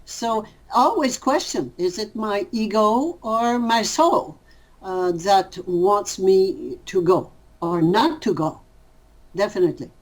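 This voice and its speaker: A woman gives interview answers at an unhurried, deliberate pace, stopping now and then to find a better word. Her voice sits at a middling pitch, and her delivery stays reflective and measured. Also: animated, darkish tone, rough recording. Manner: measured, pausing to rephrase.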